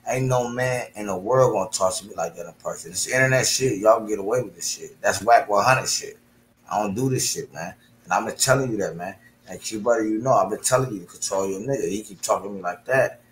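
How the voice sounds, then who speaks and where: A man's voice: on the low side, fairly quick, echoey room, a little hiss or hum. Confrontational man in street slang. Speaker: panel participant. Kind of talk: heated online panel argument.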